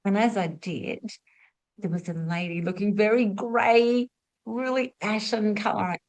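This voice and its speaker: A middle-aged woman, a spiritual teacher and former nurse, telling stories as a lesson and asking rhetorical questions, moving between lively and hushed delivery. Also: mid-range voice, a little slow. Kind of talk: storytelling teaching talk.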